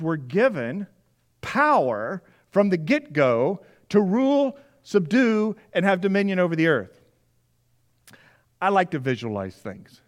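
A pastor preaching a sermon in a church, talking to the congregation in a conversational way, repeating key phrases and acting out little scenes. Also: male voice, fairly high pitch. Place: church sanctuary.

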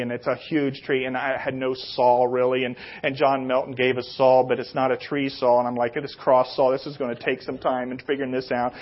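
A middle-aged man preaching a sermon, telling rambling, self-deprecating personal stories that grow loud and excited in the retelling. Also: mid-range voice, muffled recording. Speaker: pastor.

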